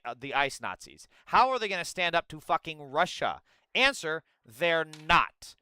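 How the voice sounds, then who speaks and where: A man rants through political commentary with heavy sarcasm and plenty of swearing. His voice is high and lively and swoops widely, and it sounds bright and close in a dry room. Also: smooth, no room sound. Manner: profane, heated, sarcastic.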